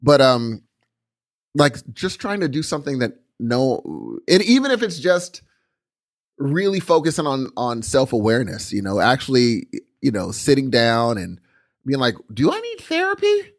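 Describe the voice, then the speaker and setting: A man's voice: medium pitch, measured pace, no echo, clean studio sound. A man co-hosting a podcast in casual chat, telling stories and acting out his own thoughts in quoted asides. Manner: animated storytelling, acts out quoted thoughts. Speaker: podcast co-host. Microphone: remote call recording.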